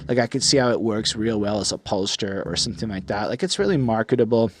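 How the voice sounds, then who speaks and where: Lowish voiced young guy rambling thru an album review on his podcast, says like a lot. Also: quick pace, a little hiss or hum. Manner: rambling, heavy on "like" fillers, animated retelling. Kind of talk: casual album review monologue.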